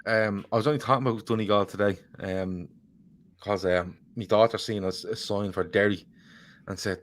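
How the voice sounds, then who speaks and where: A man's voice: low voice, steady tone, fairly quick. A man co-hosting a casual football podcast, rambling, swearing freely and joking as he reads viewer comments. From Ireland. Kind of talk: casual chat.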